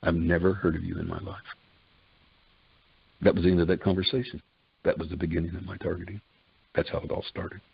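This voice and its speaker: Gravelly low-voiced older man telling his story. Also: little pitch movement, brisk, pauses often, dry recording. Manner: folksy, retells dialogue in quoted exchanges. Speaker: testimony speaker. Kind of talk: personal testimony storytelling. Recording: dull lo-fi dry recording.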